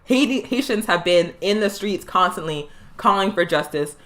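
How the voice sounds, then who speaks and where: A woman hosting a live political education show, speaking with fiery emphasis and slowing down to hammer home her points. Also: mid-range voice, animated, fairly bright tone. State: tired. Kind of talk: impassioned political commentary. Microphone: livestream.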